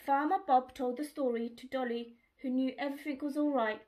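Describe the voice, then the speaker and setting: A woman reading a children's picture book aloud, expressive and speaking to young listeners. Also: high voice, normal speed, few pauses. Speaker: storyteller.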